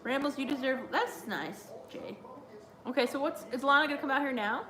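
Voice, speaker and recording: A woman's voice: high voice, a little fast, bright, forceful tone. A young woman hosting a casual live watch-along stream, chatty and giggly as she reads viewer chat aloud. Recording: roomy echo.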